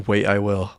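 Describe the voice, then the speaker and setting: A man's voice: fairly low pitch, vocal fry, clear, resonant tone. Wry young man commenting on a game. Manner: wry, joking, laughs at the game. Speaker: streamer. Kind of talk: casual gameplay commentary.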